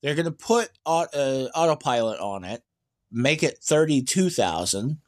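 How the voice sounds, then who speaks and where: A man's voice: medium pitch, moderate pace. A man talking casually about electric cars in an opinionated, rambling way, with many fillers and restarts and emphatic outbursts. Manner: animated, emphatic rants. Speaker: EV news vlogger.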